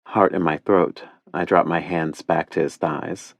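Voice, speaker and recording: A man narrating a first-person romance audiobook in a hushed, intimate way, close to the mic. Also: low-pitched, steady tone, measured pace, vocal fry, few pauses, no room sound.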